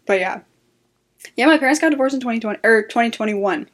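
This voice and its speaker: A woman's voice: a little high, animated, fast talker. Chatty young woman telling a story. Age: 20s. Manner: storytelling, acts out quotes, lots of "like". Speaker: podcast co-host. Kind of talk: casual chat.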